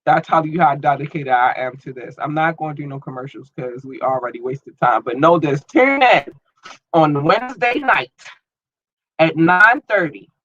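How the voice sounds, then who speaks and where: A man's voice: a little high, moderate pace, fairly bright tone, dull audio. A man hosting his own podcast in loose, rambling slang, filled with ums, talking through an irritated, watering eye. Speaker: podcast host. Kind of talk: casual solo podcast chat.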